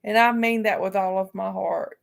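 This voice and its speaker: A woman's voice: medium pitch, steady tone, normal speed, vocal fry. A woman hosting a live stream, speaking casually and outspokenly to her chat viewers with heartfelt remarks. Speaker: livestream host.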